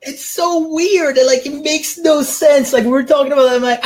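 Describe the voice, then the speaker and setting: A man's voice: very high-pitched, moderate pace, hardly any pauses. A man co-hosting a podcast, animatedly retelling a funny story and laughing often in casual chat. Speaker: podcast co-host.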